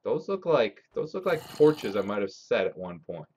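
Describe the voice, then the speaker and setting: Talking to his chat during a live game stream, a man with a lowish, darkish, sing-song voice speaks at normal speed and swears more and more as he gets frustrated. The slightly dull lo-fi audio comes from a desk mic and carries a faint hiss or hum.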